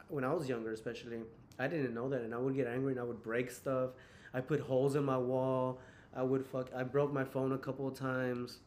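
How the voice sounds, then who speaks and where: A man's voice: mid-range voice, a little mellow, a little hiss or hum. A young man hosting a casual podcast chat, telling personal stories in a rambling way with many fillers. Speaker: podcast host.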